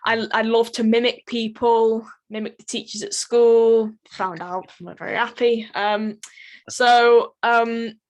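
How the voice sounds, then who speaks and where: A woman's voice: a little high, little pitch movement, unhurried. A young woman, chatting as an interview guest, with a lot of ums and giggles. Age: young adult. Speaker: guest voice actress. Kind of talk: casual interview chat. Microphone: headphone mic.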